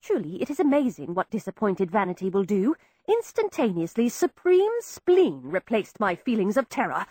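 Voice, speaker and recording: A woman narrates a first-person audiobook from a script, telling the story in an expressive, wry manner. Her mid-range voice moves at normal speed, and the studio-quality recording has no echo.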